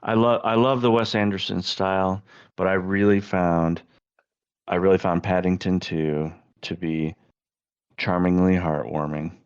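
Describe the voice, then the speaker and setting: A man's voice: low-pitched, fairly even intonation, a little slow, clear, resonant tone, dull audio. A man on a movie podcast panel, casually giving his pick with hesitant, stumbling restarts.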